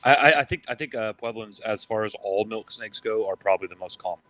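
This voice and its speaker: A man co-hosting a podcast, making quick knowledgeable remarks in casual chat with stammered restarts. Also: lowish voice, a bit bright. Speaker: podcast co-host.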